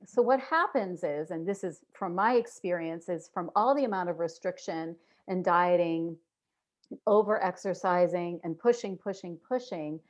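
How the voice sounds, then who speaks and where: A woman guest in a casual interview, earnest and reflective, who acts out inner voices with sudden jumps in pitch. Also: lo-fi sound.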